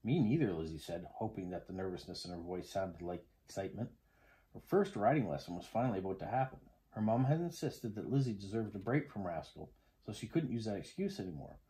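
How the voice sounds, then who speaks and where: A man reading a children's chapter book aloud as a parent, with gentle, expressive storytelling. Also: low voice, brisk, low-quality recording.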